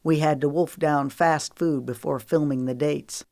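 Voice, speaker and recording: A woman narrator voicing an easygoing young man who teases with a relaxed drawl, recorded dry and close. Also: low-pitched, measured pace, no room sound. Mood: teasing.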